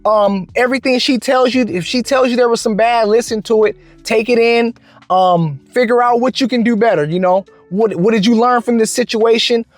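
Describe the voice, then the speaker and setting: High-voiced man telling a story. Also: moderate pace, no room sound, soft background music. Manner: animated, slangy, full of restarts. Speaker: vlogger. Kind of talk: casual storytelling.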